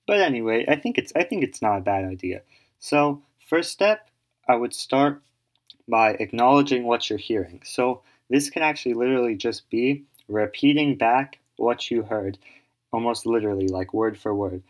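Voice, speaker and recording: A man explaining an idea in casual, rambling talk, full of fillers and restarts as he thinks aloud. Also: mid-range voice. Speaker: solo speaker giving advice.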